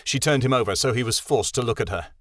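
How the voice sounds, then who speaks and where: A man's voice: medium pitch, fast talker, fairly bright tone, dry recording, studio quality. Man narrating a fantasy audiobook.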